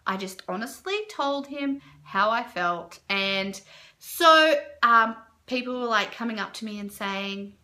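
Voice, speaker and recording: A young woman telling a story to camera in a casual, animated way, with lots of fillers and her own reactions jumping up high. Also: a little slow. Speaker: vlogger.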